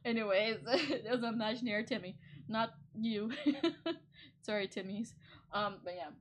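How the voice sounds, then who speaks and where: A woman's voice: a little high, fairly even intonation, moderate pace, a bit bright. A woman streamer in casual chat, rambling and laughing often as she talks.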